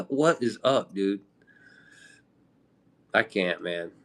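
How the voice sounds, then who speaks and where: A man's voice: lowish voice, expressive, drawn-out words, a bit bright. A man from the Midwest chatting casually on a live stream, rambling with loose slang and casual swearing. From American Midwest.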